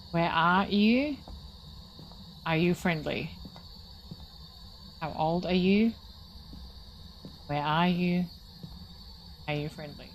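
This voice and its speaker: A woman's voice: lowish voice, muffled recording, a little hiss or hum. A woman streaming a ghost-hunting game, thinking aloud and questioning the ghost. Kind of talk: live gameplay commentary.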